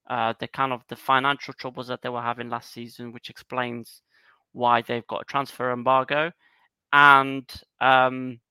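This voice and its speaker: A man co-hosting a podcast, retelling things in a rambling, animated way with lots of fillers. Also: mid-range voice, clean tone, no echo. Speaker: podcast co-host. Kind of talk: casual chat.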